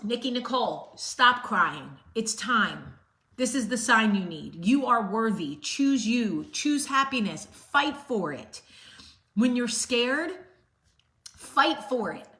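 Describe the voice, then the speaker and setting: A woman's voice: a little high, animated, slow, bright, forceful tone. A woman host giving a blunt, sassy motivational talk straight to the camera. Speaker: vlog host. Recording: roomy echo.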